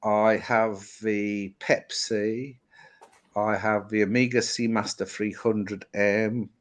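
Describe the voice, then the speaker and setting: Middle-aged English man, rambling casual chatter, quick to laugh. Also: fairly low pitch, flat delivery. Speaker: guest watch collector. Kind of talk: casual live-stream chat.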